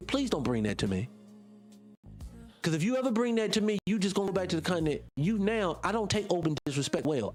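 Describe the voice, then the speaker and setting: A man hosting a casual commentary monologue, talking emphatically and firing rhetorical questions straight at his viewers. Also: high-pitched. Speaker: channel host.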